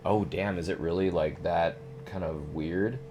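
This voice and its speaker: A man's voice: low voice, measured pace, noisy background. A young man streaming a flight sim, chatting casually and swearing now and then. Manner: relaxed, swears, says "dude" often. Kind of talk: casual chat.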